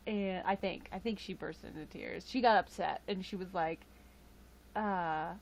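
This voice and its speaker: A woman's voice: lowish voice, unhurried, gravelly. A tired woman chatting casually with live-stream viewers, rambling with frequent chuckles and fillers into a webcam mic. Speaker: livestream host.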